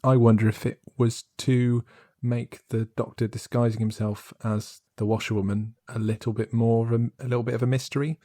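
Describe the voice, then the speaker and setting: A man's voice: medium pitch, little pitch movement, brisk, few pauses, dark tone, no echo, clean studio sound. A man co-hosting a podcast, talking things over in a thoughtful, detailed way. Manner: thoughtful, detailed, reads quotes from scripts. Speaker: podcast co-host. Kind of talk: casual discussion.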